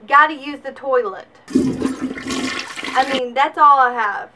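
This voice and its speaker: A young woman in her twenties from Alabama with a Southern US accent, giving a sarcastic, animated comedic vlog monologue. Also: sits high, unhurried, noisy background. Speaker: vlogger.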